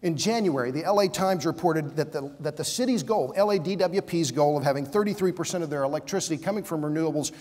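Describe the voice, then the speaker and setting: A man's voice: on the high side, fast, few pauses, darkish tone. Fired-up man debating in a reverberant hall. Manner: combative, emphatic, stammers when worked up. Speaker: debate panelist. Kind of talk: conference debate argument. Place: conference hall. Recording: long hall reverb from a conference stage.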